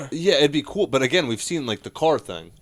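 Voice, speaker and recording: A man co-hosting a sports podcast, opinionated and jokey, quick to argue a point. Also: mid-range voice, expressive, no room sound. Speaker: podcast co-host. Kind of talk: casual sports chat.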